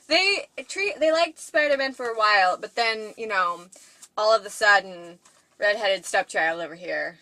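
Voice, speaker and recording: A woman's voice: mid-range voice, expressive, unhurried, pushed and bright. A young woman co-hosting a podcast, giggly and rambling as she chats casually. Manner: giggly, rambling, tries silly voices. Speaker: podcast co-host. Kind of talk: casual chat.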